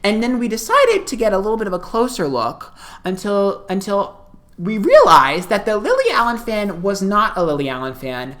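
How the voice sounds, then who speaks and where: A woman telling a funny story in a casual chatty way, often acting out what people said in high excited voices and breaking into laughter. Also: moderate pace. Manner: chatty, animated, laughs a lot; quotes people in loud high squeals. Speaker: vlogger.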